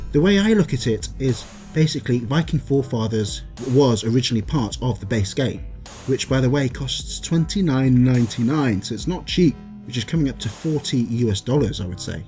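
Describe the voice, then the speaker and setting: A man's voice: medium pitch, a little mellow. A man from England ranting casually about a game company, exasperated and sarcastic, with sighs and asides. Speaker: gaming video creator. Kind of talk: casual gaming rant.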